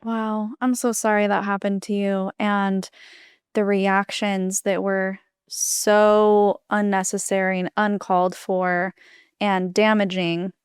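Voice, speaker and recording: Woman host with a very smooth voice. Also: medium pitch, no room sound, clean studio sound. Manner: sympathetic, reflective commentary. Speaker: podcast host. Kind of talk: conversational interview.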